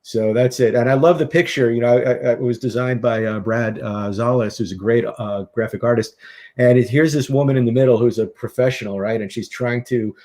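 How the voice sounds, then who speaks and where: Middle-aged man telling lively stories. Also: medium pitch, fairly quick. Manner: lively, animated storyteller who acts out quotes. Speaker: interview guest, author and hypnotist. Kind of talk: casual interview storytelling.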